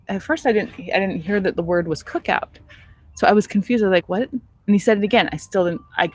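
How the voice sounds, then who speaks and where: A woman's voice: medium pitch, fast, dry recording. A middle-aged American woman, a teacher, chatting casually to her students in a vlog, laughing easily as she tells stories. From suburban United States.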